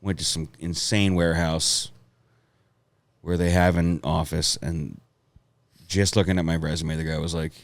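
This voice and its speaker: A man with a low voice tells long, rambling stories, swearing freely along the way. He speaks in casual podcast chat. The sound is dry and close to the mic. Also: little pitch movement, a little slow, pauses often, no echo. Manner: rambling storytelling, laughs often, swears. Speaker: comedian guest.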